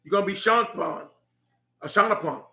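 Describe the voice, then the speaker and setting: A man's voice: sits high, a little fast, bright, forceful tone. A middle-aged man telling a heartfelt story about his son, laughing now and then as he speaks. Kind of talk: personal storytelling. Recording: echoey room.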